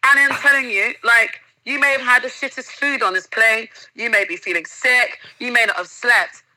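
A woman's voice: fairly high pitch, fairly even intonation, normal speed, sharp tone, no room sound, poor audio. A woman in casual interview chat, telling stories enthusiastically and vividly as a guest. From England.

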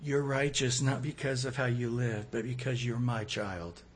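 A man preaching a sermon, acting out quoted voices and swinging between loud and soft. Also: medium pitch, fairly even intonation, normal speed. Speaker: pastor.

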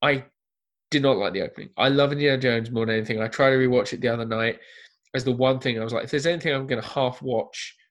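A man with an Essex English accent talks in an easy, chatty way. His voice sits at an ordinary pitch for a man, and he drops in casual swearing. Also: fast talker. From Essex, England. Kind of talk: casual chat.

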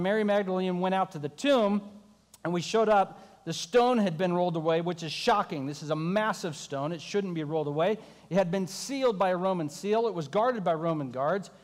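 A man's voice: high-pitched, animated, brisk, long reverb tail. A man preaching a sermon as a pastor, telling the story with wry asides.

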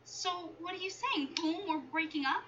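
A hurt teenage girl, high voice. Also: moderate pace. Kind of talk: sitcom acting. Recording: distant, muffled clip with faint noise.

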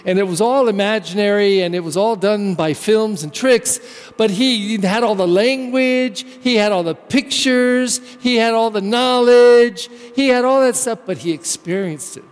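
A male pastor giving a sermon in an animated, conversational storytelling manner. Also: high voice, measured pace, clear, resonant tone, long reverb tail.

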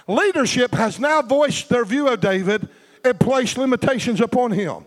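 A pastor delivers a fervent sermon in rhythmic bursts, calling for amens. His voice sits very high for a man. The sound rings with a long reverb from a large hall. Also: animated, moderate pace. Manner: fervent, rhythmic, call-and-response preaching.

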